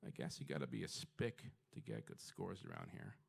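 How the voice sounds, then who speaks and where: A man voicing a prim, spiteful little old woman in a low, muttered aside. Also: huge pitch swings, normal speed, vocal fry, husky, exaggerated voice. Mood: snide.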